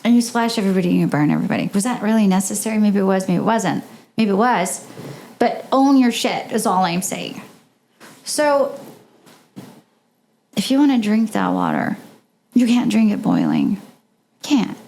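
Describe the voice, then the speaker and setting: Animated woman with a lively, swooping voice. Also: mid-range voice, moderate pace, creaky, pauses often. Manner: animated, emphatic, rhetorical questions. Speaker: podcast guest. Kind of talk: impassioned advice in podcast conversation.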